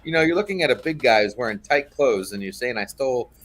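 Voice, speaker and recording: A man's voice: mid-range voice, expressive, fast, a bit bright. A man telling a heated story in casual chat on a live online show, swearing often.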